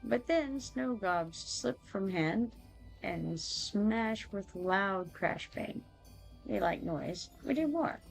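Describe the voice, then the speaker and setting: A woman's voice: mid-range voice, animated, slow, gravelly, soft background music, heavily acted, rough recording. A woman voicing a mischievous little male goblin helper who speaks in broken baby-talk grammar, reading quest dialogue aloud. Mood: impish.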